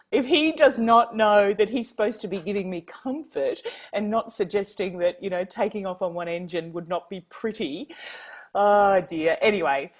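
An Australian woman from Queensland, a guest author telling lively stories, laughing often and acting out quoted dialogue. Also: on the low side. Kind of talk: casual storytelling.

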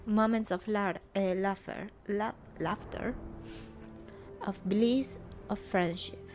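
A woman voicing a solemn shadow spirit that has lurked unseen, speaking slowly and gravely. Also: mid-range voice, fairly even intonation, a little mellow, faint music behind, close to an everyday voice. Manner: slow, grave, measured reading.

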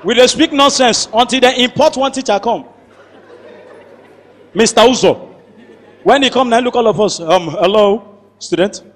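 A man's voice: very high-pitched, normal speed, long pauses, big-room sound, a little hiss or hum. A young Nigerian man with a Nigerian accent, telling a comic story in pidgin and doing the characters' voices. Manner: animated, switching into character voices and laughing. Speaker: comedian narrator.

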